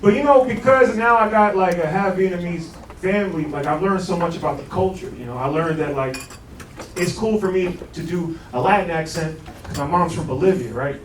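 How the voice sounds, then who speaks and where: A man's voice: sits high, a little fast, far from the mic, slight background noise. A young man doing a stand-up set in a comedy club, talking loose and brash with a lot of slang and swearing. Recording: roomy club sound, laughing crowd. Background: audience laughter.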